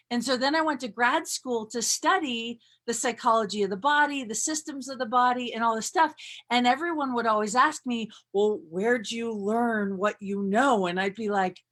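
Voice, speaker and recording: A woman in her thirties talking casually and with bubbly energy as a workshop leader, with lots of fillers. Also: a little high. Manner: bubbly, animated, frequent fillers. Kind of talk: casual live-stream talk.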